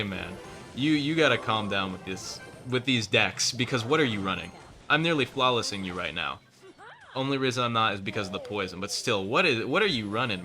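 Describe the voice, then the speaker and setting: A man talking over his gameplay with a bright, forward voice, trash-talking his opponent and ranting in mock outrage. He swears freely and jokes in a deadpan, sarcastic way. Faint game music plays behind him. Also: on the low side. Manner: rapid, sarcastic and profane, with joking rants. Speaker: gaming streamer. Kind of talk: live gameplay commentary.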